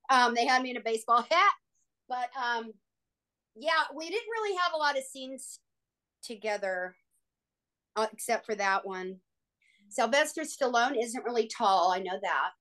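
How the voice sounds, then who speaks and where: Brief: woman guest, fairly high voice, excitable and gushing, casual storyteller. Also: measured pace, pauses often. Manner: excitable, gushing, frequent "like" and "oh my God". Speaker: actress and guest.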